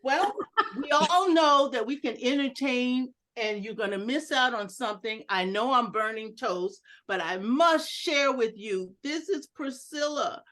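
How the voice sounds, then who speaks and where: A woman's voice: on the high side, a little slow. A woman giving an educational talk on a video call, playfully acting out different inflections of one sentence. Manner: animated, playful, acts out inflections. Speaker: educational speaker at a club meeting. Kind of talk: online presentation with audience exercises.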